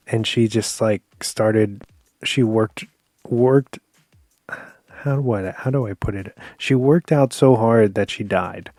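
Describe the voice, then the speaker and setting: A man with a low, mellow voice, casually talking through a movie on a podcast. He rambles and hunts for words with fillers and restarts. The sound is dry and close. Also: dry recording. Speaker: podcast co-host. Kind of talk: casual film review chat.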